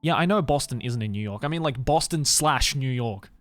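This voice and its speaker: A man's voice: medium pitch, lively intonation, fairly quick, soft background music. An Australian man streaming and chatting casually, rambling with lots of fillers and restarts. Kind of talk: casual livestream chat.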